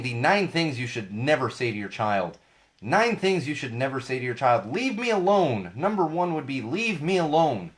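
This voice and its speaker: A young man hosting a podcast, talking casually about parenting with emphatic repetition and frequent fillers. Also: medium pitch. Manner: emphatic, repeats points, many fillers and restarts. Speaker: podcast host.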